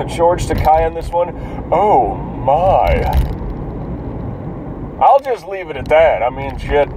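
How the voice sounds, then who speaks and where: A man's voice: a little high, rough recording. Profane, rambling man over road noise. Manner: profane, rambling, self-amused. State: drowsy, yawning. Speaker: vlogger musing while driving. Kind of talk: casual rambling monologue. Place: in a car, driving. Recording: loud car road noise.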